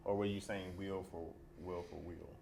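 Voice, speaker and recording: A man's voice: low-pitched, fairly even intonation, moderate pace, creaky, very noisy. A man co-hosting a comedy podcast, firing off teasing questions and ribbing the others in casual chat. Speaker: podcast co-host.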